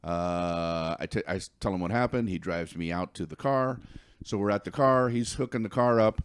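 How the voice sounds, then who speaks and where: A male comedian, a guest on a podcast, tells a comic story with animated stammering restarts. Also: sits low, normal speed, clean tone.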